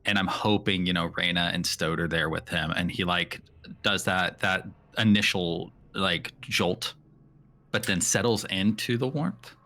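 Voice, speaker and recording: A man's voice: deep voice, unhurried, bright, forceful tone. A man playing a tabletop game, thinking aloud and hesitating as he describes his character's actions. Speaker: player. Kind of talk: casual game talk.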